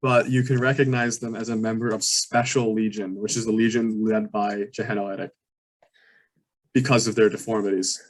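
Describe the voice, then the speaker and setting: Low-voiced man running a tabletop game. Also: flat delivery, normal speed. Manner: describes scenes with many fillers and restarts. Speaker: game master.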